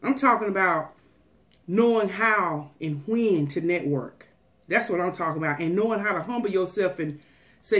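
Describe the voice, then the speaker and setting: A woman's voice: fairly low pitch, normal speed, fairly bright tone. Woman food vlogger, casual and folksy, slips into preaching at her audience. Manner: folksy, preachy, calls out to viewers. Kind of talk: casual mukbang chat with preachy pep talk.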